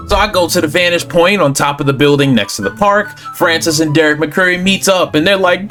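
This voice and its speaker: A man's voice: fairly high pitch, brisk, hardly any pauses, a bit bright, faint music behind. A man giving voice-over gameplay commentary on a headset mic, telling the story animatedly with silly sound effects. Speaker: gaming YouTuber.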